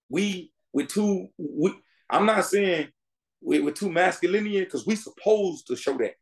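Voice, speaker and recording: A man from Miami talking as a podcast guest, his voice gravelly with fry. He speaks in an emphatic, sermon-like way, calling his listener bro and driving his points home. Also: on the high side. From Miami, Florida. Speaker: music artist guest. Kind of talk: casual podcast interview.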